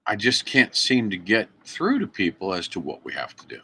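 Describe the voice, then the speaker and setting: A man's voice: low voice, huge pitch swings, normal speed, pushed and bright, slightly rough. An American man giving an angry, emphatic livestream rant into his computer mic, preaching to viewers. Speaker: activist live streamer. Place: indoors at a computer.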